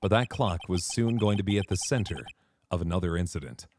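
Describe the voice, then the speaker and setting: A man narrating as a young defense attorney looking back on his case, reflective and slow. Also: sits low, a little mellow, a little hiss or hum, pitched below the performer's own voice.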